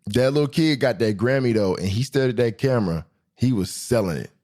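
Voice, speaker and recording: A man riffs through a comedic podcast monologue at middle pitch. His delivery is animated: it swoops up high and drops low, and he laughs often along the way. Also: brisk. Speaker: podcast host.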